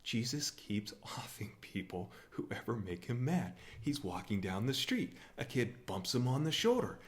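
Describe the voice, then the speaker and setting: A man from the USA giving a humorous talk on scripture at a church, telling the story in a wry, animated way. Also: medium pitch, moderate pace. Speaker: church speaker.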